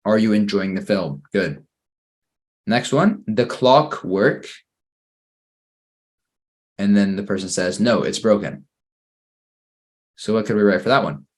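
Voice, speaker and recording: Man, English teacher, fairly low voice, patient, encouraging, slow careful reading, online lesson for kids. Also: darkish tone. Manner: patient, encouraging, reads exercises slowly and praises answers. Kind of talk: online grammar lesson for children.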